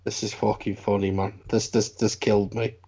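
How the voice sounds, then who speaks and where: A man's voice: on the low side, little pitch movement, moderate pace, dark tone, husky. A man in casual podcast chat, swearing and repeating himself for emphasis. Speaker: podcast host. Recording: dull lo-fi sound.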